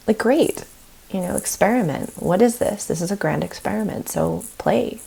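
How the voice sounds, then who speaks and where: A woman guest on a podcast, talking in a casual, animated way and often breaking into laughter. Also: medium pitch, moderate pace, vocal fry, husky.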